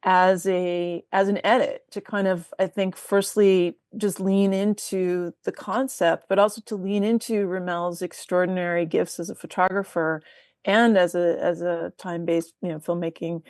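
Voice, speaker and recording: A woman's voice: lowish voice, little pitch movement, moderate pace, darkish tone, no room sound. Woman screenwriter, articulate, dry close sound. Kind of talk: Q&A answers over video link. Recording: remote video call audio.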